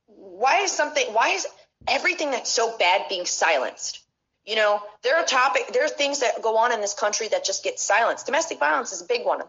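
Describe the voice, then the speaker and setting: A woman's voice: a little high, sharp tone. A woman talking as a guest on a podcast, impassioned and casual, swearing and restarting her sentences. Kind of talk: casual political talk. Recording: muffled audio over a phone network.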